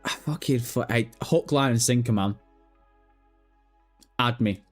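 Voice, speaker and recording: A man's voice: medium pitch, a little slow, faint music behind. A man chatting casually on a gaming news livestream, swearing freely and breaking into helpless laughter.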